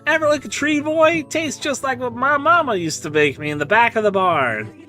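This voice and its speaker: A man's voice: very high-pitched, expressive, normal speed, bright, forceful tone, faint music behind, pitched above the performer's own voice, exaggerated voice. A man voicing a crude, rambling hillbilly tomato farmer with a put-on Southern drawl while streaming a game. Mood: folksy.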